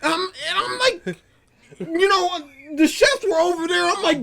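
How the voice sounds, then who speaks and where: Young adult man, podcast guest, casual animated storyteller who acts out coworkers. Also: very high voice, normal speed, a crowd in the background.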